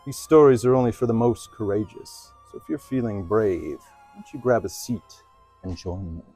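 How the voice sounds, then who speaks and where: A theatrical spooky host, voiced by a man, presents scary tales in a mock-sinister manner. His voice sits on the low side, and faint music plays beneath him. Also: moderate pace, warm tone, husky. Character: spooky male script keeper host.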